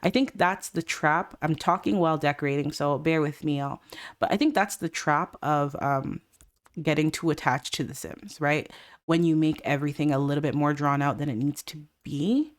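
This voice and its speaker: A woman's voice: sits low, moderate pace. Brief: talkative woman gamer, laughs easily, narrates her sims in loose chat. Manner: chatty, giggly, voices the characters' lines. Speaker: let's play host. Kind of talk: casual gameplay commentary.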